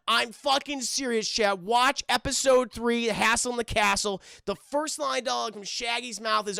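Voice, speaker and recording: A man's voice: very high voice, normal speed, vocal fry, hardly any pauses, clean tone, no room sound, clean studio sound. A man reviewing a cartoon live for his stream chat, swearing freely and joking as he recaps. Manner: profane, excitable, joking.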